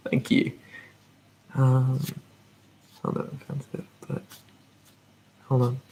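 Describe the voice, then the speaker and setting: A man hosting a live whispered ASMR Q&A, talking softly and rambling as he reads out viewer comments. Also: mid-range voice, completely flat delivery, takes it slowly, creaky, slight background noise. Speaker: ASMR channel host.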